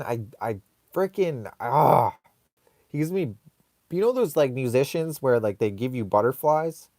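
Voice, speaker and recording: Slow, laid-back man chatting on a live stream. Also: mid-range voice, expressive, mellow, no echo, clean studio sound. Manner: rambling, laid-back, reads chat comments aloud. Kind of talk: casual live-stream chat.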